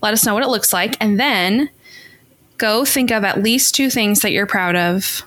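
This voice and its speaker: A woman's voice: mid-range voice, moderate pace, fairly bright tone. A woman co-hosting a podcast, talking in an upbeat, encouraging way to her listeners. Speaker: podcast co-host. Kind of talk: casual chat.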